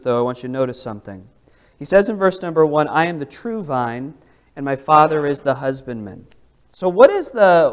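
A man's voice: a little high, clean tone. Man leading a chatty Bible study. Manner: conversational, asks the group questions. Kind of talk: interactive Bible study teaching.

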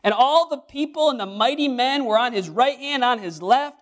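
A man preaching a sermon, animated and emphatic, repeating phrases and restarting words as he goes. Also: extremely high pitch, normal speed. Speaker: pastor.

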